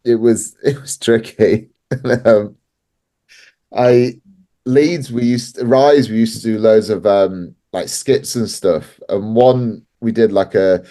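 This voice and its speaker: This wrestling promoter, a podcast guest, shares stories slowly in a warm voice that sits on the low side. His delivery is chatty and full of laughter, with "like" scattered throughout.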